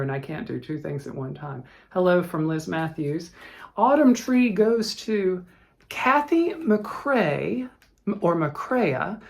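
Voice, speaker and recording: A middle-aged woman chats through her cross-stitch vlog in an unhurried, low-pitched voice. She talks casually and emotionally, stumbling and restarting her sentences as she goes. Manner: chatty, emotional, halting with restarts. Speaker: flosstube host.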